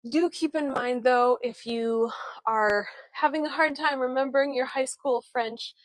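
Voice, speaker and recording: A woman's voice: sits high, unhurried, dry recording, rough recording. A woman from the American Pacific Northwest and Midwest in her thirties, narrating a live-streamed walking tour outdoors on a phone, chatty and enthusiastic with many fillers. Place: outdoors on old-town streets.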